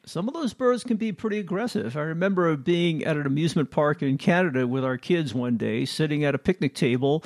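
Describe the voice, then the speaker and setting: A man co-hosting a show, telling relaxed, wry stories in casual chat. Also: a little high, normal speed, no echo, clean studio sound. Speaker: co-host.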